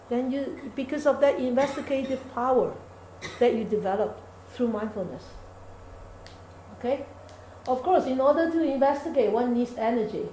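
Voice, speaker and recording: A woman meditation teacher gives a dharma talk with a mellow, relaxed tone. She talks in an animated way, quizzing her listeners and acting out the voices in their heads, with slightly non-native English phrasing. The recording has an echoey hall sound and faint room noise. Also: a little high, normal speed. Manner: animated, engaging the audience with questions and quoted inner voices.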